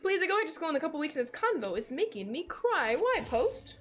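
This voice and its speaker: While playing on a casual livestream, a young American woman in her twenties talks loudly and freely, laughing as she reads out chat messages from viewers. Her voice, a little high for a woman, is sing-song and fast.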